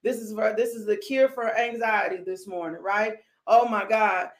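A woman's voice: mid-range voice, steady tone, normal speed. A woman preaching a fervent sermon. She breaks into sudden whoops and leads call-and-response, calling out to congregation members by name.

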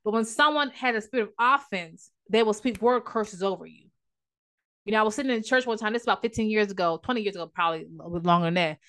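A woman's voice: medium pitch, fast talker, fairly bright tone. A woman coaching viewers on relationships in a casual vlog, emphatic and repetitive, with a preachy, church-flavored way of talking. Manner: preachy, emphatic, repeats herself; uses church language and prayer.

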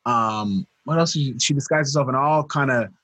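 A man co-hosting a casual chat, telling a story in a rambling, hesitant way with lots of pauses and fillers. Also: medium pitch, fairly bright tone, no room sound.

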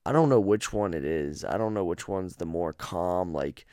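A man with a very deep voice rambles through a casual podcast chat, swearing freely and joking around. The sound is dry and close, with no room in it. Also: moderate pace, few pauses, mellow, no echo. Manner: rambling, profane and jokey. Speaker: podcast host. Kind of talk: casual chat about a horror game.

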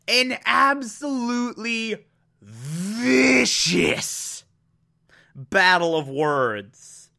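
A man giving an excitable, emphatic recap of a TV episode, laughing often and acting out the characters' lines. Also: a little high, takes it slowly, smooth. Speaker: TV show reviewer. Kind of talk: casual recap commentary.

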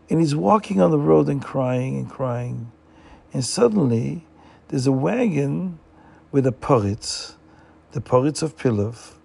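A man narrating a folk tale in a plain, unhurried storytelling manner, often repeating himself for emphasis. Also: medium pitch, creaky, dark tone, breathy edge. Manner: plain, repetitive storytelling with restarts.

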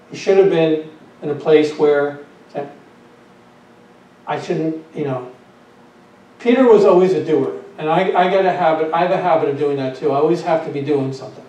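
A man preaching a sermon as pastor, asking rhetorical questions, repeating his phrases and letting lines trail off softly. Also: a little high, heavy reverb, far from the mic, low-quality recording.

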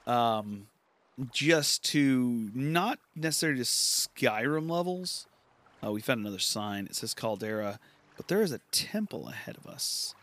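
A man's voice: medium pitch, a bit bright. A man giving casual gameplay commentary for a podcast, rambling, repeating himself and amused at his own play. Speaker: gaming podcaster.

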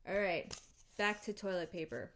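Woman, solo podcaster. Casual comedic rant. Profane, exasperated, animated. Home mic. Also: mid-range voice, normal speed, a little hiss or hum. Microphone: home microphone.

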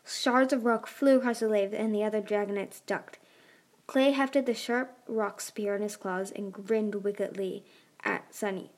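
A woman reading a children's fantasy book aloud, expressive, doing character voices. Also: medium pitch, measured pace. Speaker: audiobook reader. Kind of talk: amateur audiobook narration.

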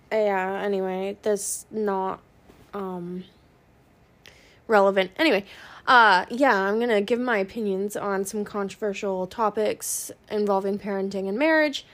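A young woman hosting her own podcast in a casual, rambling way, frank and swearing, with many ums and pauses. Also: medium pitch. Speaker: podcast host.

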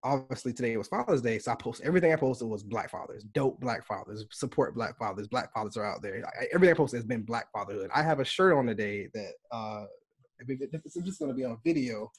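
A fast-talking man from the United States chats on a podcast, full of animated stories and acted-out quotes. His voice is a touch husky. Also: medium pitch. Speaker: podcast guest. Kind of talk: casual podcast chat.

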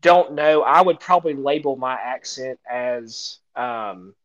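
A man's voice: medium pitch, a little slow, lo-fi sound. A man with an Appalachian twang, co-hosting a podcast in casual chat, chatty, often laughing, with hesitant fillers. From Appalachia, Tennessee-Virginia border. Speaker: podcast co-host.

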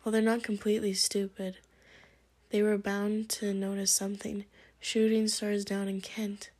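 A woman reading in a soft whisper, voicing a severe older witch who talks impatiently and irritably, in whispered role-play. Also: medium pitch, little pitch movement, unhurried, close to an everyday voice.

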